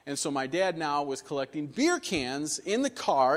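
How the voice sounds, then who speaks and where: A Midwestern man gives a sermon as a visiting missionary, his voice sitting a little high for a man. He talks in a folksy, conversational, self-deprecating way, as if chatting with friends from the pulpit of a church. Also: very animated, moderate pace. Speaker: missionary preacher. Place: church sanctuary.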